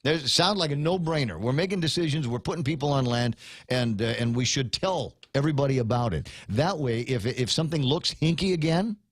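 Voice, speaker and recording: A man hosting a talk radio show, ranting in an animated, conversational way. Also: medium pitch, a little fast, dry recording, studio quality.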